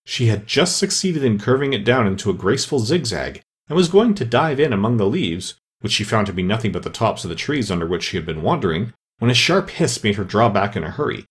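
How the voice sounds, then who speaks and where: A man narrating a storybook in a lively, expressive reading voice. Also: lowish voice, brisk, hardly any pauses.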